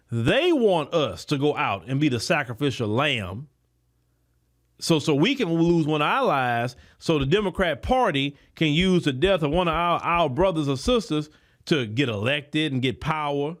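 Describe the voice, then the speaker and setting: Male podcast host, high and very animated, preachy commentary aimed right at the audience. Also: measured pace. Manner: preachy, emphatic, addresses listeners directly; colloquial, many repeated words. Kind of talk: political commentary monologue.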